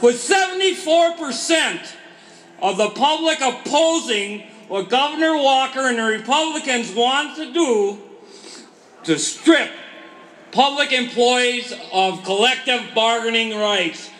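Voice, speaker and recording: A man, a highway worker, giving a fiery shouted speech at an outdoor union rally. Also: animated, takes it slowly. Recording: echoey outdoor PA with loud crowd.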